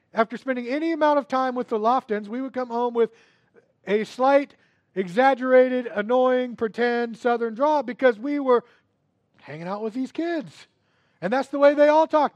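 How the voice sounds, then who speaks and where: Male preacher with a high voice, earnest sermon delivery, repeats phrases, drops to hushed asides then builds to loud emphasis, dry close sound. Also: dry recording. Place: church before a congregation.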